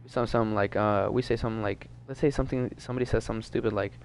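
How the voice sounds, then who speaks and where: A nineteen-year-old man from the Washington DC area tells a story in a loose, rambling way, peppered with swearing and filler words. His voice sits fairly low with a gravelly fry. A faint hiss of noise runs underneath. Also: fairly even intonation, rapid-fire. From Washington DC metro area, US. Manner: rambling, profane, filler-heavy. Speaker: gaming vlogger. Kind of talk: casual storytime.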